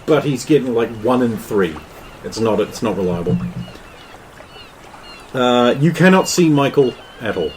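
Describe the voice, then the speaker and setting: A man's voice: mid-range voice, lively intonation, a little slow, long pauses, darkish tone, a little hiss or hum, rough recording. A man running a tabletop game as game master, narrating loosely with many fillers.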